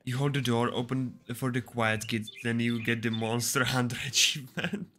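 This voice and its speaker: Laughing young male streamer, bright tone. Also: medium pitch, fairly even intonation, normal speed, faint music behind. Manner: joking, crude, laughs often. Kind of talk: casual gaming stream chat.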